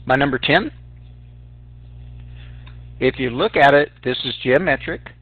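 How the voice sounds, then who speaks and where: Speaking a little slowly in a mid-range voice, a male math teacher explains sequences to his students by walking through calculator steps aloud, addressing them as "guys." This recorded lesson has no room sound and comes across dry and tinny, as if over a phone.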